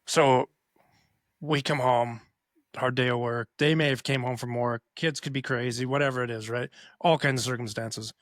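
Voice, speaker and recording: A man's voice: medium pitch, steady tone, normal speed, fairly bright tone, no echo. Earnest male podcast co-host, dry sound. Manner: earnest, reasoning it through. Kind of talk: casual chat.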